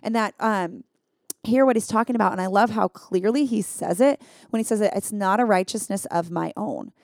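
A woman talking through a Bible passage in a casual, earnest way, leaning hard on the points she cares about. Her voice sits at an ordinary middle pitch. The sound is dry and close. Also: moderate pace, a little mellow, no room sound. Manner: earnest, emphatic, thinking aloud with fillers. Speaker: podcast co-host. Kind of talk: casual Bible study chat.

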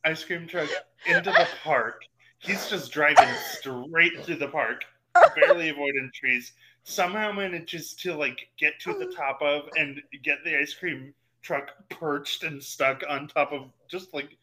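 A man's voice: fairly high pitch, unhurried. A man retelling a movie plot in casual chat, laughing often and swearing freely as he rambles. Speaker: podcast co-host. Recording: roomy, distant mic, faint noise.

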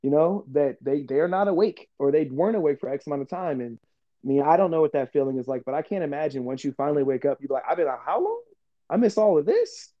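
A man hosting a casual podcast chat, talking in an animated way, laughing often and acting out remembered conversations. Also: fairly high pitch, fast talker, dry recording, highs cut off. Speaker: podcast host.

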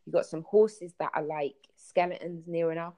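Brief: woman, storytelling guest on a call-in podcast, animated, plays out dialogue. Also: fairly low pitch, moderate pace. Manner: animated storyteller, acts out quotes. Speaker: guest telling travel stories. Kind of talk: casual podcast chat.

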